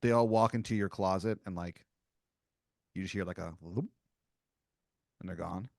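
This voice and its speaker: A man's voice: low voice, a little fast, gravelly, a little mellow, dry recording, studio quality. A man narrating an improvised comedy story as game master, laid-back and full of fillers.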